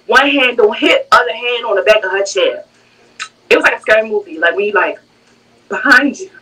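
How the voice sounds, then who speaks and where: A woman's voice: on the high side, a little fast, distant mic, low-quality recording. A young woman casually telling a dramatic story to the camera, acting out everyone in it. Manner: animated, dramatic, acts out every character.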